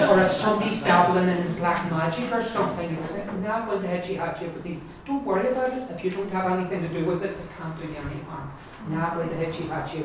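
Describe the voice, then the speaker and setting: A man with an Ulster accent teaching an Irish pronunciation lesson, modelling words slowly and repeating them patiently. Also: on the high side. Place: classroom. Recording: echoey room, mic far off, background noise.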